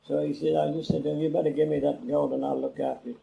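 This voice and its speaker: An elderly English interviewee spins a rambling oral-history tale, voicing the dialogue himself. His rather high voice is gravelly but mellow, level in tone and fast, captured on an old, rough cassette recording with faint hiss.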